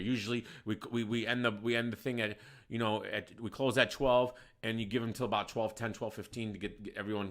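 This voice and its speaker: A young man who runs a bar, telling a profane story that swings from low mutters to loud outbursts. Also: steady tone, fast talker. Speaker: bar manager.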